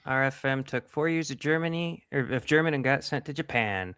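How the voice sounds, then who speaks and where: A man's voice: medium pitch, fairly quick, fairly bright tone, clean tone, dry recording. Man, podcast co-host, casual chat, anecdotes, dry sound. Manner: laughing, anecdotal, self-mocking.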